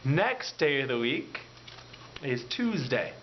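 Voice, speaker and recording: Guy teaching a lesson real slow, voice bouncing up n down on the words, kinda dull lo-fi sound w faint hiss. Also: very animated. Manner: pitch swings up and down on drilled words. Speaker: language teacher. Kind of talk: slow, drawn-out classroom teaching with call and repeat.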